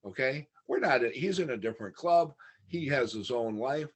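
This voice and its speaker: A husky, slightly breathy middle-aged man chatting on a podcast. He rambles through stories, laughs as he goes and slips into the voices of the people he quotes. His pitch sits in an ordinary male middle range. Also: animated, moderate pace. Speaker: podcast guest. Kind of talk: casual storytelling chat.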